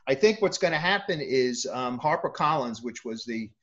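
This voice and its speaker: A man's voice: medium pitch, lively intonation, moderate pace, fairly bright tone, muffled recording. A man talking as a guest author in a casual interview, hesitating often with ums.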